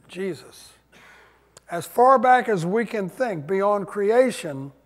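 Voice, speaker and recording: An older male pastor delivers a sermon at an unhurried pace, leaning on key words and calling out to the congregation for responses. His voice sits high for a man. The sound carries a long reverb from the church hall around him. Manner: preaching with call-and-response, emphatic. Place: church sanctuary.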